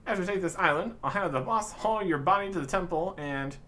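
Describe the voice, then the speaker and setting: A man voicing a rowdy undead male pirate captain from a fantasy game, talking gruff pirate talk and calling the hero lad. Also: sits high, fairly quick, fairly bright tone. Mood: menacing.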